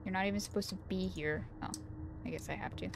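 A woman's voice: on the low side, steady tone, fast talker, noisy background. Playful woman streaming a horror game. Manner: playful, chatty, talks to the game characters and puts on silly voices. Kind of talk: casual live-stream commentary. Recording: game ambience under the voice. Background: game sound ambience.

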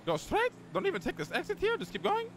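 A man's voice: extremely high pitch, huge pitch swings, fast, slight background noise, exaggerated voice. A man voicing a loyal young male street criminal who swears constantly and calls everyone brother. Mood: urgent. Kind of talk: crime role-play.

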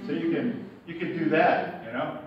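A man voicing a laid-back male frog puppet in a puppet demonstration, loud and teasing. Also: fairly high pitch, moderate pace, pitched above the performer's own voice, lightly acted. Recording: echoey hall from far off, dull sound.

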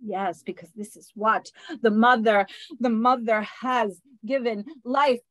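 A woman channeling a gentle, formal collective of light beings over a video call, with lilting phrasing and a repeated "yes". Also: on the high side, no room sound, pitched above the performer's own voice, rough recording. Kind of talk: spiritual channeling.

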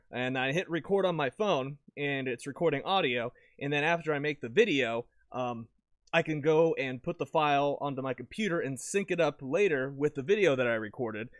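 At home, a video creator chats casually to the camera about his recording gear through a lavalier mic. He rambles, corrects himself, and breaks into sudden excitement. His voice sits in the mid range, and the recording is dry.

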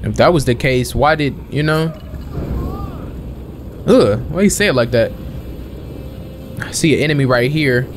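A young man giving casual let's-play commentary as a gaming channel host, chatting and questioning the game out loud. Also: mid-range voice, unhurried, long pauses, slight background noise. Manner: chatty, questions the game aloud, calls everyone bro.

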